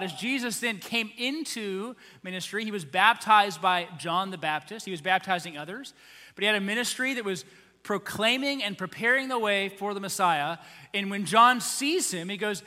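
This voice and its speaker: Lively bright-voiced male preacher. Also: high voice, brisk, big-room sound. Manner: animated, acts out quotes, conversational. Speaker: pastor. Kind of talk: sermon.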